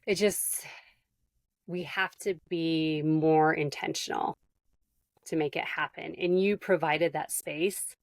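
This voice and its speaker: A woman's voice: low voice, steady tone, takes it slowly, vocal fry, no echo. A woman hosting a podcast, chatting casually and responding with affirming, emotional remarks. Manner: affirming, emotional, "you know" fillers. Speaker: podcast host. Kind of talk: casual interview chat.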